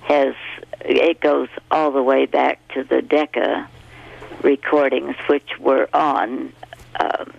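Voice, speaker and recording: An older woman, a singer, chatting as a guest in a radio interview in an unhurried, good-humored way over a dull lo-fi line. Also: very deep voice, steady tone, gravelly. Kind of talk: casual interview chat.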